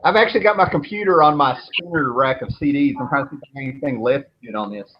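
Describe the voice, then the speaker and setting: A man's voice: mid-range voice, fast talker. A man in his thirties hosting a show, telling long, rambling stories in a laid-back way and swearing freely. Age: 30s. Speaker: show host. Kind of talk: casual storytelling chat. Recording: dull lo-fi with faint noise.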